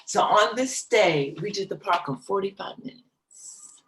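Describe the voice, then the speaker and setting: A middle-aged woman, a jazz singer as guest, slowly and emotionally telling a personal story in an interview. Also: medium pitch, expressive, echoey room, far from the mic, rough recording. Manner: slow, soft, emotional recounting. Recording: voice slightly off-mic, faint background noise.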